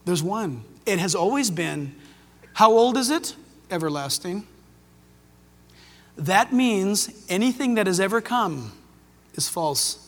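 High-voiced man preaching in a reverberant hall. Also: animated, takes it slowly, pauses often. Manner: emphatic, rising to loud declarations then dropping to quiet asides. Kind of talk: sermon.

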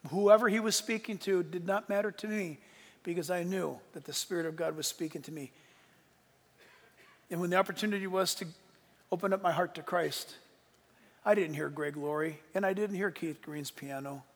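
A man in his sixties preaching a sermon and telling his story earnestly, his voice swinging from hushed to emphatic. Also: high voice, normal speed, long reverb tail. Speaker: pastor.

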